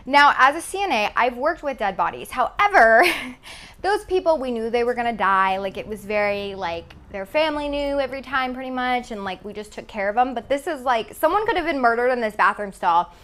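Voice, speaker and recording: A woman's voice: fairly high pitch, lively intonation, brisk, a bit bright. A woman around twenty from Texas, telling a casual storytime with lots of "like" fillers and casual swearing. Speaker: vlogger. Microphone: phone camera.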